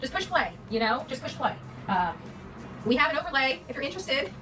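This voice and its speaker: A woman livestreamer in a rambling monologue, repeating and stumbling over words, with a put-on country drawl and a pitch that swings up and down. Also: sing-song, a little fast, recorded from a distance, music in the background, poor audio. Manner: repetitive, stammering, pitch swings up and down.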